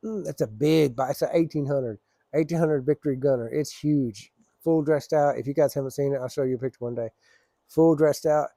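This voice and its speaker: Man, fairly high voice, dry close sound, loose profane storytelling. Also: brisk, vocal fry, mellow, no room sound. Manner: rambling, profane, laid-back. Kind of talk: casual storytelling.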